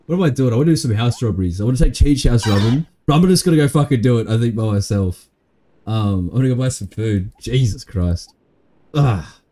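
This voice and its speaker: A man's voice: medium pitch, animated, brisk, dark tone. Laid-back, slangy man streaming. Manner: laid-back, slangy, swears a lot, laughs easily. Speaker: streamer and roleplayer. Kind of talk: casual in-game roleplay chat.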